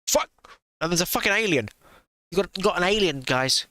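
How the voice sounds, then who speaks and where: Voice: mid-range voice, bright, forceful tone, no echo. A streamer giving sarcastic live reaction commentary into a close desk mic, swearing freely.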